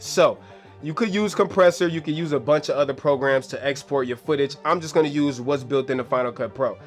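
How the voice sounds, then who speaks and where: A man's voice: fairly high pitch, fairly quick, faint music behind. A man hosting a casual video editing tutorial, talking slangy and laid-back to his viewers while losing his voice. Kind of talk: casual screen-recorded tutorial.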